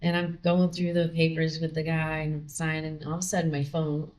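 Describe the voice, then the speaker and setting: A woman with a voice on the low side for her sex tells a personal story to a host. She is animated and acts out the voices of the people in it. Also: brisk. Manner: animated, acts out quoted dialogue. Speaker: podcast guest; singer with a record contract.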